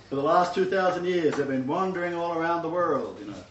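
A man preaching a teaching sermon to a messianic congregation, emphatic and often asking the listeners rhetorical questions. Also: fairly high pitch. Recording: distant, roomy, dull recording with faint background noise.

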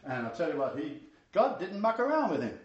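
A man leads a Bible study in a loose, chatty sermon style, with a fairly high voice. He stresses his points hard, laughs often and fills pauses with ums. The recording is roomy and a little dull. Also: very animated. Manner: chatty and emphatic, laughs often, many fillers. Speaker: pastor leading a Bible study. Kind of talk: casual teaching sermon.

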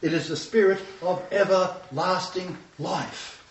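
A man's voice: high-pitched, measured pace, slight background noise. A man preaching a sermon, emphatic and repeating his scripture references as he speaks. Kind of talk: sermon with congregation interjections. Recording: echoey room, dull sound from far off.

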